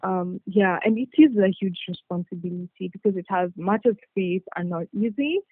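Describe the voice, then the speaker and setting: A podcast guest talking excitedly in casual chat, full of fillers. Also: medium pitch, normal speed, slightly rough, no room sound. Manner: excitable, filler-heavy, says like a lot. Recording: tinny phone-like line, dry.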